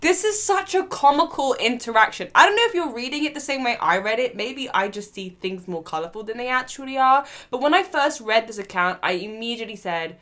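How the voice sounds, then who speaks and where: Animated woman hosting an opinion vlog. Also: fairly high pitch, fairly quick, hardly any pauses. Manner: animated, emphatic, argumentative. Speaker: commentary channel host.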